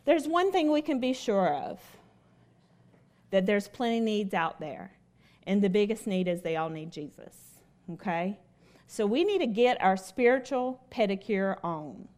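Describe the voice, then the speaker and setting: This woman has a medium-pitched, expressive, slightly mellow voice and an unhurried delivery. Speaking as a layperson at a devotional, she recounts a personal story, poses questions to her audience, and repeats key points for emphasis.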